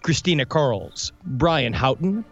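Podcast co-host guy reading names, giggly and crude, pretty lively pitch, little music in the back. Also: slow pace, lo-fi sound. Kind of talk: reading supporter names with banter.

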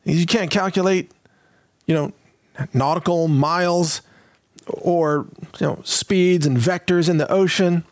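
Sarcastic high-voiced male commentator. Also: slow pace, pauses often, dry recording, clean studio sound. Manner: sarcastic, rambling, with fillers. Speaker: channel host. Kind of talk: opinionated news commentary.

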